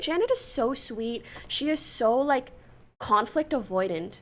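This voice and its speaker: A young woman streaming casually, telling a story in a chatty, animated way and swearing freely. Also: sits high, unhurried. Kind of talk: casual livestream chat.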